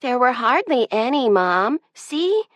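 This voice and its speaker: Woman reading as a little tattletale girl in an audiobook, way higher, slow and whiny. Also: big pitch swings, no room sound. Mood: defensive. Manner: high, slow, defensive. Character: tattletale young girl, prim and defensive.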